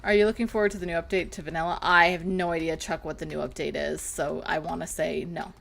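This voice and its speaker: A woman's voice: lowish voice, fairly even intonation, quick pace, vocal fry, fairly bright tone. A young woman chatting on a live game stream, rambling, laughing and swearing casually. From North America.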